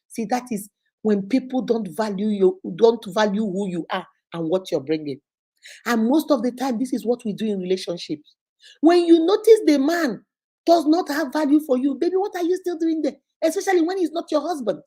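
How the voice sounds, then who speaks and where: A middle-aged woman with a Nigerian accent talks straight to her followers in a chatty, preaching way. Her voice sits a little high but sounds mellow and warm. She drops pidgin and Igbo words into her English. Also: animated, moderate pace. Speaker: vlogger giving relationship advice. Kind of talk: casual advice talk to followers.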